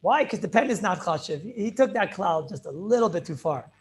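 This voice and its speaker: In a high, brisk voice with lively intonation, a rabbi gives an animated Talmud lesson on a video call. His delivery is emphatic and repetitive, and his English is mixed with Hebrew and Yiddish terms.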